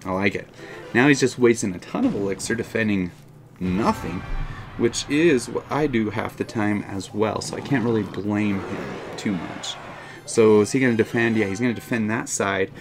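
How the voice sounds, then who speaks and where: A man giving casual live commentary on his own gameplay, excitable and quick to laugh or vent. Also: lowish voice, music in the background. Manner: excitable, swings to frustrated outbursts and laughter; casual, says "oh my heck" and "dude". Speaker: gaming channel host.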